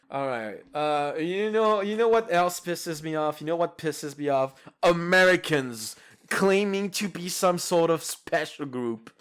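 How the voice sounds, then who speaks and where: A man's voice: on the high side, lively intonation, unhurried, clear, resonant tone. A man from Ireland co-hosting a comedy podcast, ranting with lots of swearing and laughter. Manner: swearing, laughing, gets loud and shouty when ranting. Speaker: podcast co-host. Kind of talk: casual comedic rant.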